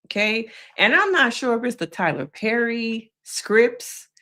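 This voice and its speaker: A woman's voice: a little high, big pitch swings, a little slow, pushed and bright. A woman, a therapist giving opinionated, chatty live commentary on a TV series and often checking in with "okay?". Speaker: therapist reviewing TV shows.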